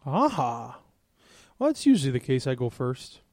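A man's voice: medium pitch, very animated, quick pace, mellow, no echo, clean studio sound. A man playing a tabletop role-playing game who jokes around, laughs often and asks a lot of questions about the scene. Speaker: player. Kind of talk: casual tabletop game play.

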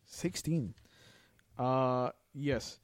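A man's voice: medium pitch, very slow, smooth, no echo, clean studio sound. A man running a tabletop game as game master, narrating scenes in a loose, descriptive way with lots of "like" and "kinda".

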